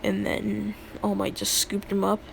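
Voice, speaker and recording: A woman's voice: medium pitch, monotone, unhurried, gravelly, very noisy. A young woman casually retelling a made-up story in a rambling, filler-heavy way, laughing at her own jokes.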